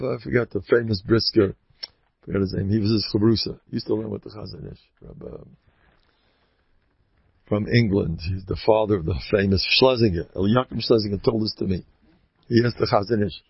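A man's voice: fairly low pitch, steady tone, a little fast, creaky, breathy edge, no room sound. A man giving an informal, emphatic Torah talk as a teacher, often repeating phrases for stress. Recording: dull lo-fi dry recording.

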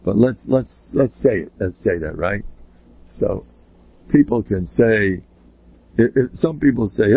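A man, a rabbi, delivering a blunt and emphatic Torah lecture full of rhetorical questions, often pushing up into high exclamations. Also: expressive, measured pace, creaky, long pauses, breathy edge. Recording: slightly dull, lo-fi recording.

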